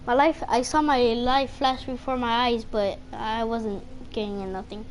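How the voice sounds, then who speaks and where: A woman's voice: a little high, steady tone, measured pace. A woman casually telling a personal story, rambling with lots of fillers and swearing. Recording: noisy home recording.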